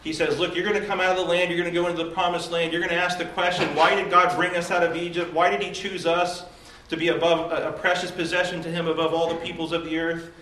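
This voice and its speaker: A man's voice: a little high, flat delivery, quick pace, pushed and bright, recorded from a distance, a little hiss or hum. Emphatic man preaching in an echoey room. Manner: earnest, emphatic preaching with rhetorical questions. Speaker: pastor. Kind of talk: devotional sermon.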